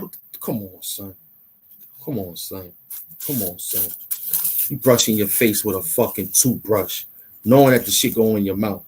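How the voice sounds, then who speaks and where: A man hosting an online commentary show, ranting in a loud, mocking, animated way and repeating himself for emphasis. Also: medium pitch, a little hiss or hum. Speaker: YouTube commentary host.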